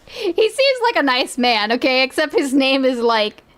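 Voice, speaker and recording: A woman's voice: high-pitched, fairly bright tone, a little hiss or hum. A woman streamer reacting live to videos, giggly and rambling, with lots of fillers.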